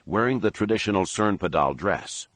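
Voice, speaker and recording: A man's voice: on the low side, lively intonation, moderate pace, a bit bright, dry recording. A man narrating a novel audiobook expressively and doing voices for each character.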